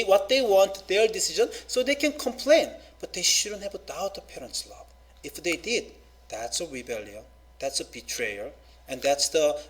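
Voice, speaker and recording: High-voiced man preaching a sermon. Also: a bit bright. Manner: halting, many fillers, rising emphatic quoting. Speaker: pastor.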